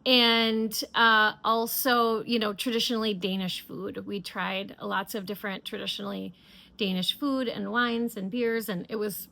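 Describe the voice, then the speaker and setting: Bright-voiced chatty woman vlogger. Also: mid-range voice, steady tone, measured pace, gravelly. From United States. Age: middle-aged. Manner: chatty and enthusiastic, lots of fillers and restarts. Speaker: knitting podcast host. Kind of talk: casual chat.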